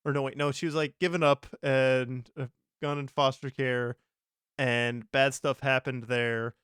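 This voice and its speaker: A man's voice: medium pitch, level tone, unhurried, fairly bright tone, clean tone, no room sound, studio quality. A man co-hosting a podcast, chatting loosely about a movie and laughing often. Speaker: podcast co-host. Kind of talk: casual movie recap chat.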